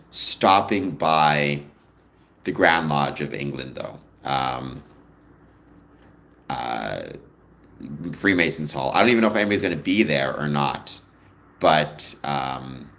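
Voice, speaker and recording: Guy with a low voice doing a livestream, rambly chat, reads out comments and goes off on tangents. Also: fairly bright tone. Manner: chatty, rambling, digresses into personal stories. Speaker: livestream host. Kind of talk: casual chat answering viewer comments.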